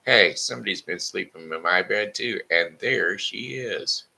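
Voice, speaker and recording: A man voicing an excitable little male baby bear in a storybook reading, with high, squealing complaints. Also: measured pace, creaky, heavily acted. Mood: indignant.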